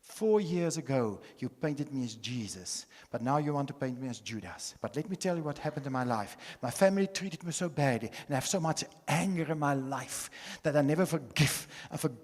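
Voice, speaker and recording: A man voicing a bitter, broken drunkard who speaks low and subdued, in a reverberant hall. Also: expressive, brisk, hardly any pauses, lightly acted. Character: broken, bitter man confessing his anger.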